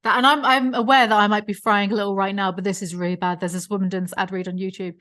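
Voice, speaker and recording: A woman hosting a casual podcast chat, ranting about online creators in an opinionated, animated way. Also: mid-range voice, fast. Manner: ranting, opinionated, self-aware about vocal fry. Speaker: podcast host.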